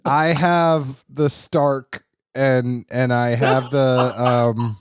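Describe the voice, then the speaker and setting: A man's voice: mid-range voice, fairly even intonation, extremely slow, clean tone, no room sound, clean studio sound. A man hosting a podcast in casual chat, rambling and self-deprecating. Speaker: podcast host.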